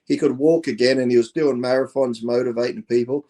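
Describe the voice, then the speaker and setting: A man chatting casually as co-host, relaxed and loose with slang. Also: medium pitch, fairly quick. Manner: relaxed, chatty, says 'reckon' and 'and shit'. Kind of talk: casual chat.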